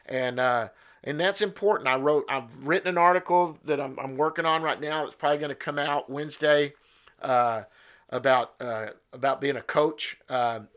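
A man's voice: medium pitch, moderate pace, fairly bright tone. A middle-aged man, hosting a sports talk show in a folksy, rambling monologue. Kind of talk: casual spoken monologue.

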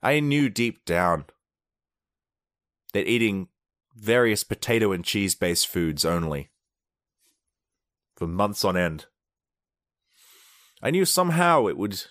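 A man's voice: lowish voice, lively intonation, measured pace, long pauses, a bit bright, dry recording, clean studio sound. A man rambling sarcastically in a comedic monologue, now and then acting out quoted people in short bursts while sick with a mild illness.

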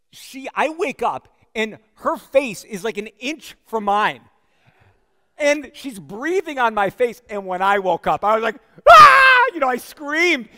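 A man's voice: high voice, bright, forceful tone, long reverb tail. A man preaching a sermon as a pastor, telling the story in a conversational way with frequent asides to the congregation.

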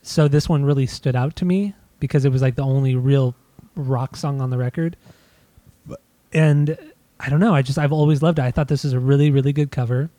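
A man's voice: mid-range voice, fairly even intonation, brisk, warm tone, no room sound. A man co-hosting a casual music discussion, insistent and restarting his sentences often. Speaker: podcast co-host.

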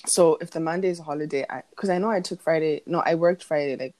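A woman's voice: sits low, fast talker, darkish tone, no echo. Sleepy chatty woman podcaster. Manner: chatty, rambling, laughs often. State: sleepy morning voice. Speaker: podcast co-host. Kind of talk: casual chat.

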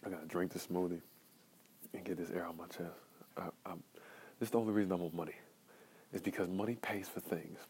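Low-voiced young man ranting raw. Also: steady tone, brisk, pauses often, slight background noise, poor audio. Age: young adult. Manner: profane, rambling, emotionally raw, swinging from muttering to loud outbursts. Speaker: podcast host. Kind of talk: raw solo podcast monologue.

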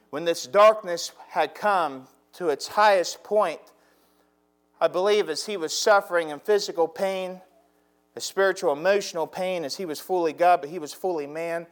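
A man, a pastor, preaching a sermon with drawn-out, swelling emphatic phrases. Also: high-pitched.

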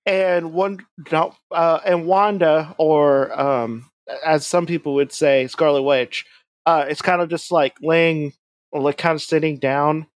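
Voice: mid-range voice, fairly even intonation, measured pace, dry recording. A podcast host chatting casually about comics, rambling with frequent restarts. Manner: rambling, many fillers and restarts. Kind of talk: casual comic-book chat.

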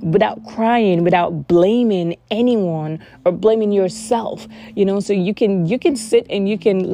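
Woman, low warm voice, earnest personal monologue, emphatic repetition. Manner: earnest, repeats words for emphasis. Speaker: vlogger sharing personal experience. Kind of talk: heartfelt casual monologue.

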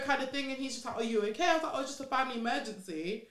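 A woman's voice: high-pitched, racing, reverberant. A young woman telling a story in casual chat, acting out quotes and often laughing. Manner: animated, laughing storyteller who acts out quotes.

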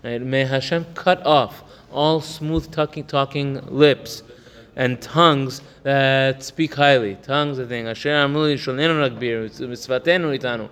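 A man teaching a religious text. He reads Hebrew passages quickly, explains them in English in a chatty way, and often asks "right?". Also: mid-range voice, fairly even intonation, a bit bright, clear, resonant tone, in a large hall. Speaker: Torah teacher. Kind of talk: text study lesson.

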